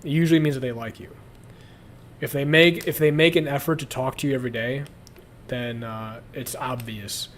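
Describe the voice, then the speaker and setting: A man's voice: medium pitch, fairly even intonation, normal speed, a little hiss or hum. A young man chatting casually on a livestream, crude and rambling, often breaking into laughter. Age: young adult. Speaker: streamer.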